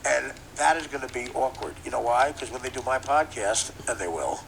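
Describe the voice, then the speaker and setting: A man's voice: medium pitch, brisk, gravelly, background noise. A man hosting a podcast, riffing through a profane comedic rant and laughing at his own jokes. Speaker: podcast host.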